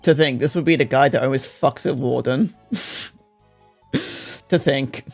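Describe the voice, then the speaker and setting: A man streaming a video game, reacting loudly with profanity and frequent laughter in casual commentary. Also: medium pitch, a little slow, pauses often. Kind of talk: casual let's-play commentary. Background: faint background music.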